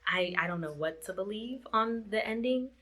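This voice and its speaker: A woman's voice: medium pitch, lively intonation, moderate pace, a bit bright. A woman reviewing a book in a casual vlog chat, repeating herself and laughing often. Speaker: book vlogger.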